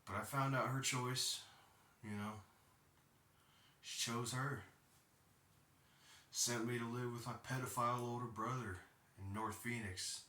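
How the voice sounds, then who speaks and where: A man's voice: mid-range voice, steady tone, a little slow, pauses often, pushed and bright. A man in his thirties telling a personal story as a podcast host, blunt and profane, and heated at times. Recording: roomy sound, distant from mic.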